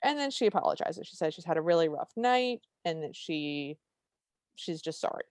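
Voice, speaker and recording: A woman's voice: low-pitched, expressive, moderate pace, darkish tone, no echo. A woman co-hosting a podcast, recapping a movie in casual chat with dry, wry humor. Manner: dry, wry storytelling with quoted lines. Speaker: podcast co-host.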